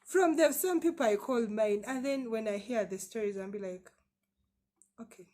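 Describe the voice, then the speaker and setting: A woman's voice: fairly high pitch, moderate pace, warm tone. A woman vlogger telling her personal story to camera in a candid, emphatic way, often repeating words and asking rhetorical questions.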